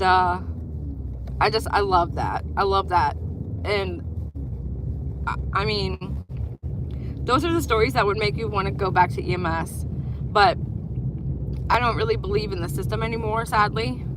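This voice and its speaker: A woman who used to be an EMT, telling stories in a rambling casual way with many fillers while in a car on the road. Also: mid-range voice. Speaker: former EMT vlogger. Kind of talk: casual storytelling. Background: car road noise.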